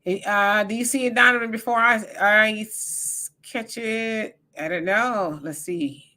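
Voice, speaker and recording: Bright, chatty middle-aged woman, livestream co-host reading viewer comments. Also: a little high, a little slow. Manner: reads viewer comments aloud, chatty and teasing. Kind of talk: casual live-chat commentary.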